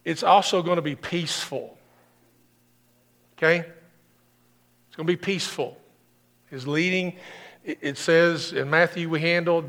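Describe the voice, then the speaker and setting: A man's voice: fairly high pitch, normal speed, long pauses, a bit bright, long reverb tail. A man preaching a sermon in an earnest, repetitive way, building to emphatic peaks.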